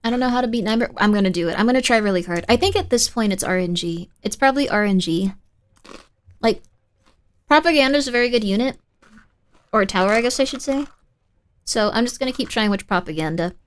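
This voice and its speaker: Chatty woman streamer, fairly high voice. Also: lively intonation, fast, pauses often. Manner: chatty, rambling with many fillers. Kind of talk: casual live-stream chat.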